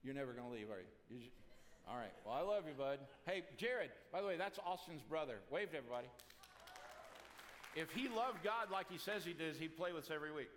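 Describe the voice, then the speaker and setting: A man's voice: a little high, animated, a little fast, fairly bright tone, big-room sound, a little hiss or hum. A man preaching a sermon as pastor, folksy and joking, calling out to people in the room. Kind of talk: sermon with a joke. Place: church sanctuary.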